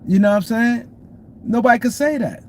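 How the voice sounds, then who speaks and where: A man's voice: extremely high pitch, fairly quick, slight background noise. A man hosting a casual sports talk stream, repeating points and greeting viewers by name. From New York City. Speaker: show host. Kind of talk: casual sports commentary livestream.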